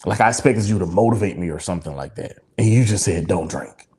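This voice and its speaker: A man's voice: lowish voice, fast talker, warm tone. A man co-hosting a podcast, talking in a candid, emotional and profane way and laughing often. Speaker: podcast co-host. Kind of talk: candid casual chat.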